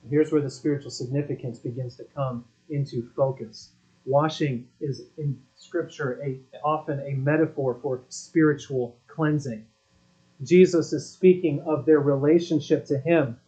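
A male pastor delivers a sermon in a fairly high, mellow voice. He leans on emphatic words and turns to his listeners with rhetorical questions. The recording is dull and lo-fi. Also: fairly even intonation, normal speed.

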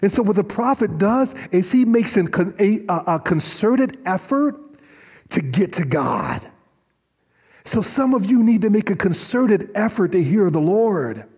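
Husky-voiced man preaching in a reverberant hall. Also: high voice, unhurried. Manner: animated storytelling with frequent restarts. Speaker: pastor. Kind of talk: sermon. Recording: long reverb of a large hall.

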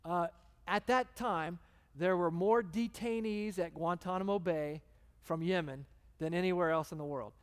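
A man, a guest preacher telling a story in a conversational, animated way. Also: high-pitched, unhurried, clear, resonant tone. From Texas. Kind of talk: sermon storytelling. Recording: long hall reverb.

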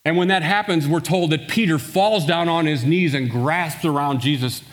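A man's voice: a little high, moderate pace. A man preaching a sermon, telling a story and acting out the quoted lines. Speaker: pastor. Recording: long hall reverb.

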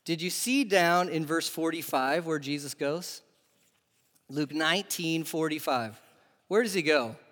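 A man delivers a sermon with a fairly high voice that rings through the long echo of a big hall. He keeps turning to his listeners with questions, in an animated, conversational way. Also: measured pace. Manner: animated, asks the audience questions. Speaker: preacher. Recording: long reverb of a large hall.

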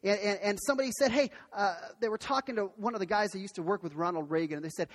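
Animated pastor preaching in a reverberant hall. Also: male voice, sits high, quick pace, few pauses. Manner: animated storytelling with many restarts. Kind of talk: sermon.

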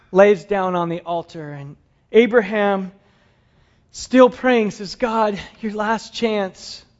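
A male pastor preaching a sermon with dramatic storytelling, often dropping to hushed tones. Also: high voice. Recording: dull lo-fi sound.

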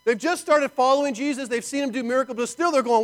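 High-voiced animated male preacher. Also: fast, poor audio. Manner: animated, conversational preaching with rhetorical asides. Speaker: pastor. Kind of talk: sermon.

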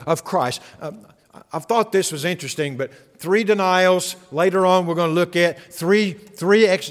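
A man's voice: high voice, big-room sound. A man preaching an expository sermon, earnest and emphatic, often repeating his key phrases.

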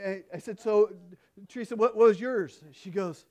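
A male pastor delivering a sermon in a fairly high voice. He swings from loud, emphatic peaks to hushed, intense lows, and he acts out the people in his stories with playful quoted dialogue. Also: moderate pace.

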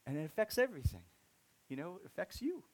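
A man in his thirties preaching a sermon, telling a story and swinging from soft-spoken to loud, excited outbursts. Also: high-pitched, fast. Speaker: pastor.

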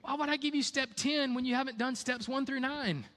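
A high, amused God teases and scolds a believer who never reads what he was sent, as a man acts him out mid-sermon. The voice leaps far above a speaking register, loud and bright with exaggerated surprise, gentle under the scolding. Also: fairly even intonation, brisk. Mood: chiding. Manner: teasing, exaggerated, high-pitched.

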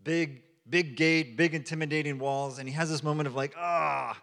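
A man's voice: fairly high pitch, fairly even intonation, fairly quick, fairly bright tone. A man, a pastor, preaching a sermon in a conversational storytelling manner, acting out quotes as he goes. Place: church sanctuary. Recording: long hall reverb.

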